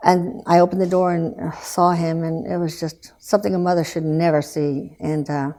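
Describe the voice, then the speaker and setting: A woman in her sixties, a guest telling a painful personal story in an earnest, subdued way, halting with restarts and trailing pauses. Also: lowish voice, level tone, dark tone. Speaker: guest recounting loss.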